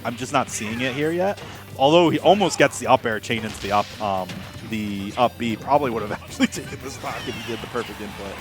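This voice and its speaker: A man's voice: mid-range voice, quick pace. A man giving loose, rambling live commentary on a fighting-game tournament match, full of fillers and restarts. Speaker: esports commentator. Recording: music playing behind.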